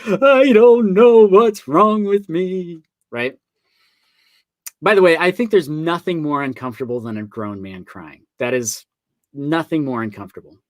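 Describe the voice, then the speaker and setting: A man's voice: mid-range voice, no room sound. A man hosting a live online book signing, chatting casually and telling personal stories, acting out what people said. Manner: chatty storyteller, acts out quoted voices. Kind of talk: casual video-call chat.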